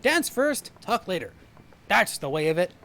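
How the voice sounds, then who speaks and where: A man's voice: high voice, sing-song, normal speed, a bit bright, full character voice. A man putting on a rowdy drunken sailor. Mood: boisterous. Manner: rough sailor dialect, rambling and boisterous.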